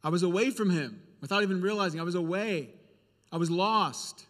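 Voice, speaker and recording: A man's voice: high-pitched, a little fast, fairly bright tone, big-room sound. A male preacher giving a sermon in a church, speaking earnestly and repeating phrases for emphasis.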